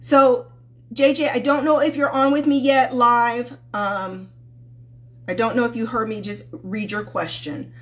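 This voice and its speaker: A woman's voice: a little high, steady tone, measured pace, fairly bright tone. A woman love coach hosting a live-stream Q&A, chatting casually and affectionately with viewers and calling them sweetheart.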